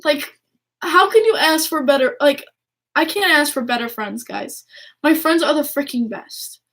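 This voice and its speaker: A young woman with a fairly high voice talks casually to her viewers as a hockey fan vlogger. She is excitable and gushing, tripping over restarts and fillers as she goes. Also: a little slow. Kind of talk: casual chat to camera.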